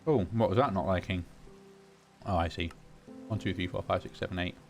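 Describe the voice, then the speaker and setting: A man hosting a relaxed gaming session, thinking aloud and chatting to the items he crafts. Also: deep voice, a little fast, faint music behind. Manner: muses aloud, talks to game items. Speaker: gaming channel host. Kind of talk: casual gameplay commentary.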